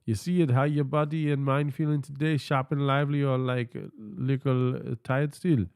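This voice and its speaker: A man's voice: medium pitch, fairly even intonation, moderate pace, a little mellow, smooth, dry recording, clean studio sound. A text-to-speech male voice playing a friendly, easygoing AI helper in a Jamaican patois accent.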